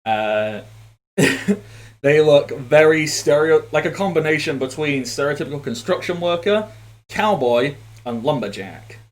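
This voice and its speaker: A man's voice: on the high side, animated, measured pace. A man narrating a tabletop game as game master, in a casual, rambling way with frequent fillers.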